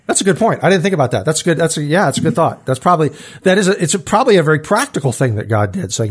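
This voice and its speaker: A man's voice: fairly high pitch, quick pace, few pauses, breathy edge. A man co-hosting a casual Bible study talk, reading verses aloud and acting out the quotes with feeling. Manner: animated, acts out scripture quotes with rising voice. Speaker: podcast co-host.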